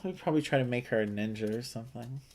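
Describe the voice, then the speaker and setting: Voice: medium pitch, fast talker, darkish tone. A co-host playing a board game, making teasing asides and laughing often. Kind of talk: casual chat during a game playthrough.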